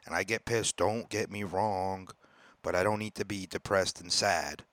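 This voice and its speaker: A man hosting his own podcast in a casual, profane rant that swings between loud outbursts and low mutters. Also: fairly even intonation, normal speed, dry recording. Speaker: podcast host. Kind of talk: casual ranting monologue.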